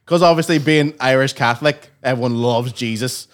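A man's voice: medium pitch, brisk, very noisy. A man joking about his childhood on a comedy podcast in a wry, casual manner. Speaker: podcast guest.

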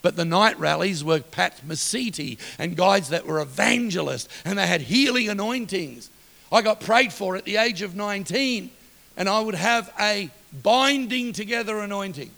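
A middle-aged man preaching a sermon, telling stories with passion and rising to loud exhortation. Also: high voice, animated, normal speed, gravelly. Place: church hall. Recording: long reverb of a large hall.

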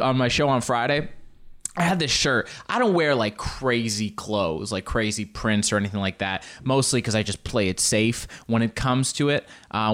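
A young man, a comedian hosting his own show, chatting casually in a rambling, self-mocking, animated way. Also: mid-range voice. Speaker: comedian podcast host. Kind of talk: casual solo chat.

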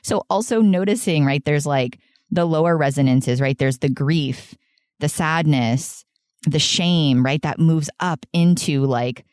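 A woman's voice: low voice, measured pace, darkish tone, no echo, studio quality. A woman hosting a solo podcast, talking in an earnest, rambling way, often laughing and saying "like". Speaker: podcast host.

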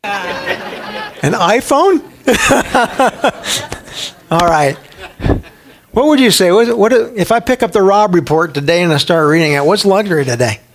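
A man's voice: high voice, fast, few pauses, some chatter behind. A middle-aged man from Texas teaching a Bible study in a chatty way, asking his listeners questions and telling anecdotes. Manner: chatty, asks the audience questions, tells anecdotes.

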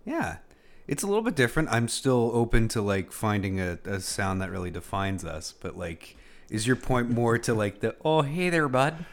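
A man's voice: on the low side, big pitch swings, normal speed. A man hosting a casual podcast, laid-back and hesitant, talking with lots of fillers. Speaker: podcast host.

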